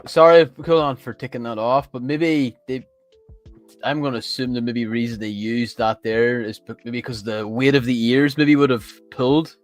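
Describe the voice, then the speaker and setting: A man's voice: mid-range voice, fairly even intonation, normal speed, faint music behind. A man co-hosting a casual chat, speaking tentatively and qualifying his points. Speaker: co-host.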